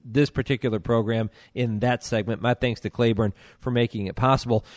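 A man's voice: mid-range voice, steady tone, fairly quick, few pauses, no room sound. Man hosting a radio show, dry studio sound. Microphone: studio microphone.

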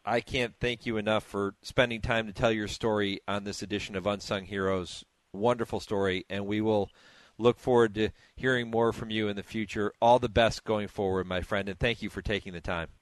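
A man's voice: on the low side, fairly even intonation, moderate pace, no echo. Man hosting a radio show, dry studio sound. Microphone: studio microphone.

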